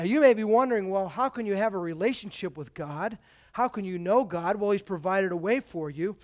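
A pastor delivering a sermon in a church, conversational and emphatic, with swells of volume. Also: male voice, high-pitched. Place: church sanctuary.

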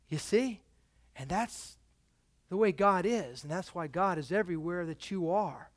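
A pastor delivering a sermon in a church, conversational and emphatic, with swells of volume. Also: male voice, high voice, lively intonation, normal speed, fairly bright tone. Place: church sanctuary.

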